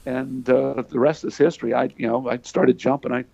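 A man's voice: medium pitch, steady tone, fairly quick, creaky, warm tone, no echo, dull audio. An older man from Pennsylvania, telling stories in a folksy way with lots of fillers. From Pennsylvania, USA. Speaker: interview guest, former wrestler. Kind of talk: storytelling in casual chat.

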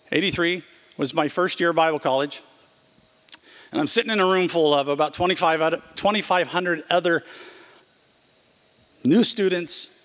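High-voiced preaching man in his sixties. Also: sharp tone, big-room sound. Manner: emphatic preaching with repeated phrases and asides. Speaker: pastor. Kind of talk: sermon. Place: church sanctuary.

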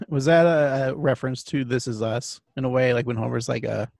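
Gravelly man joking about an episode. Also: medium pitch, a little fast, darkish tone, dry recording, clean studio sound. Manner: jokey, laughs often. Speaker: podcast co-host. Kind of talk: casual chat recapping a cartoon episode.

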